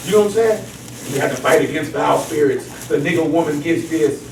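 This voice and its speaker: Fast, high-voiced man preaching. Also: vocal fry, reverberant, far from the mic, slight background noise. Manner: animated, streetwise, keeps asking "you know what I'm saying". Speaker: Bible study teacher. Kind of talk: casual preaching to a small group.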